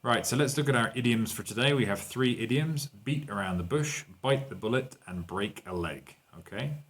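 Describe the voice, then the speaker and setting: A man's voice: medium pitch, lively intonation, moderate pace, a bit bright, husky. A man teaching an online English lesson, walking learners through exercises and translating lines into Spanish.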